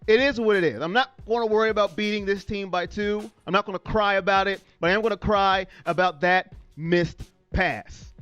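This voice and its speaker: A man's voice: high voice, moderate pace, few pauses, fairly bright tone, smooth, dry recording, soft background music. A man hosting a fan live stream, talking straight to viewers and reading chat messages aloud.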